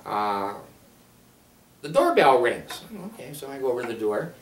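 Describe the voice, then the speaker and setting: An angry man telling a story as a rant, profane and animated, jumping from loud outbursts to low asides. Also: normal speed. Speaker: video blogger. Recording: echoey room, far from mic.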